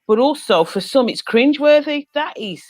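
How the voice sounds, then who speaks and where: A woman, a panellist in a casual chat, expressive and laughing as she makes her points. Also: sits high, normal speed, crowd noise. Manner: expressive, laughing, mimics voices.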